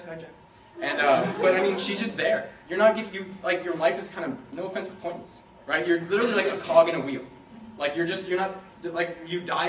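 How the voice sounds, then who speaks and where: Young male speaker, casual joking storyteller, slightly high voice, picked up from afar in a roomy hall with light hiss. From San Jose, California. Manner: laughing, joking, swearing freely. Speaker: speaker giving a talk to students. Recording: roomy, from a distance, faint hiss.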